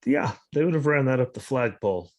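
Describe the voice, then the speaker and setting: A man's voice: mid-range voice, expressive, brisk. A sleep-deprived man hosting a podcast over a video call, talking in a blunt, sarcastic, profane and rambling way. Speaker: podcast host. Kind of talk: casual political chat.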